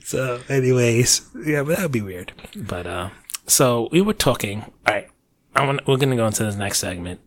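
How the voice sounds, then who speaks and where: A man's voice: medium pitch, lively intonation, moderate pace. A man co-hosting a casual chat, rambling, laughing often and trailing off mid-sentence. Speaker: podcast co-host.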